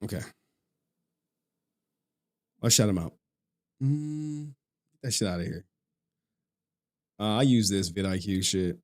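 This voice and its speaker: A man's voice: fairly low pitch, slow, pauses often. A man streaming, telling stories in casual, slangy, profane talk. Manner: animated, profane, slangy storytelling. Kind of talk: casual livestream chat.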